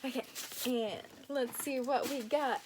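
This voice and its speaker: A woman's voice: high voice, steady tone, slow pace, background noise. Giggly young woman chatting in a vlog. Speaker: book vlogger. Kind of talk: casual vlog chat, unboxing gifts.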